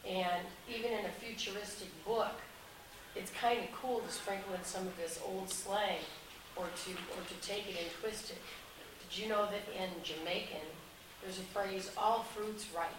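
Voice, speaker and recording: A woman's voice: mid-range voice, fairly even intonation, moderate pace. A woman in a casual panel chat, talking about writing in an enthusiastic, chatty way. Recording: echoey room, distant mic, background noise.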